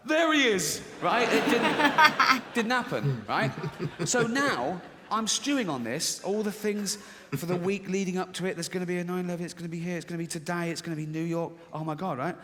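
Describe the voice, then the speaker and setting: On the reverberant stage of a large stand-up venue, a middle-aged English comedian tells a story, acting out the voices in his head and laughing at his own jokes. His voice is high-pitched and sharp, with lively intonation and a brisk delivery that barely pauses, over slight background noise.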